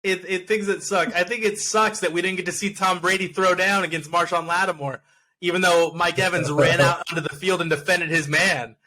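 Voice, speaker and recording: Bright-voiced young man hosting a sports chat. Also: high-pitched, steady tone, slight background noise. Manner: laughing, playful, quick to tease. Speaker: podcast host.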